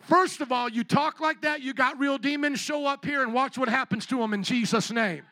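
A middle-aged man preaching with a high, bright voice that rises into shouts for emphasis. He mocks popular sayings. The sound is dry and close. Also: moderate pace, few pauses, no echo. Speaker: pastor. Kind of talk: sermon.

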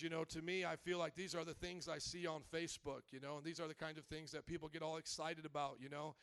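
High-voiced preacher, fired up. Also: male voice, gravelly, smooth. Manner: animated preaching, mock voices, shouting at times. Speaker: pastor. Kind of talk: energetic sermon.

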